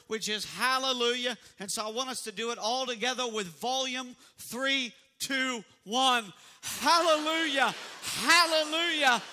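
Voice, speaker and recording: A man's voice: very high voice, pushed and bright. A man pastor preaching a sermon and leading his congregation in call-and-response. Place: church sanctuary.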